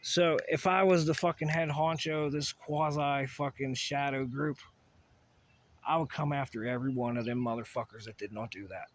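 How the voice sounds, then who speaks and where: A man's voice: mid-range voice, moderate pace. A man ranting in a rambling solo monologue, profane and agitated, full of asides and restarts. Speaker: vlogger.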